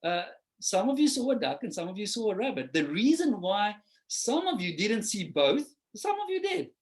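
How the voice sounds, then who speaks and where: A man presenting a webinar lecture as a trainer, talking conversationally with rhetorical questions and acting out quoted voices. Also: very high-pitched. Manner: animated, acts out quoted voices.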